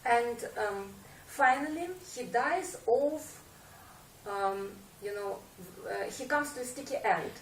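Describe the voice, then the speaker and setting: A woman's voice: on the high side, expressive, slow, slight background noise. Woman speaking in an echoey room. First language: Russian. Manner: hesitant, many fillers, wry self-mocking humor. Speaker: club speaker. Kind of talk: prepared speech to a speaking club. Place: meeting room. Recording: echoey room, mic far off, faint ambience.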